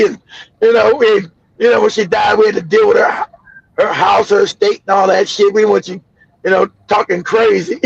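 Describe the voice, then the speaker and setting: Casting: high-pitched, gravelly man in his fifties, loud profane storyteller, dull dry sound. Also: fairly even intonation, a little fast, no room sound. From Los Angeles. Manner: loud, profane, laughing often. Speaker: livestream host.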